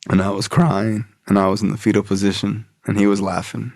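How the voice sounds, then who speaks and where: Gravelly man telling a candid story. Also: fairly low pitch, little pitch movement, brisk, a little mellow, no echo, clean studio sound. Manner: candid, profane, casual. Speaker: podcast guest. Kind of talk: personal storytelling.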